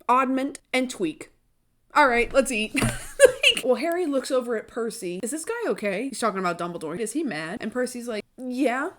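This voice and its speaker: A young adult woman, hosting a casual book breakdown with joking asides. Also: medium pitch. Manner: animated, joking, chatty asides. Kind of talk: casual chat retelling a book.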